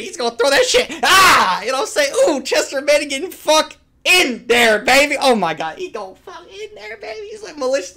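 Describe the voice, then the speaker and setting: Young guy streamer freaking out over a game trailer, cussing, bright voice jumping all over the place. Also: very high-pitched, lively intonation, moderate pace, few pauses. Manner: loud, swearing, hyped outbursts. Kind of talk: excited reaction commentary.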